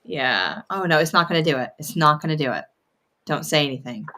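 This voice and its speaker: A woman's voice: deep voice, animated, a little fast. Woman, stream co-host, casual playful banter, encouraging, faint background noise. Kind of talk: casual chat.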